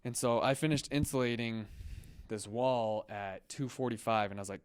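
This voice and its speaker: A man's voice: medium pitch, normal speed, clean tone, no echo. A young man co-hosting a podcast, telling a story in a loose, chatty way full of fillers. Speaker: podcast co-host. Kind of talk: casual storytelling chat.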